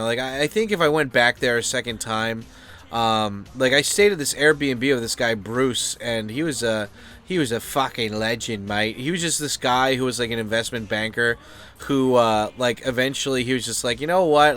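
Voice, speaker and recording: An American vlogger rambles through a loose, off-topic chat packed with fillers, swearing and asides. His voice is medium in pitch with a fairly bright tone.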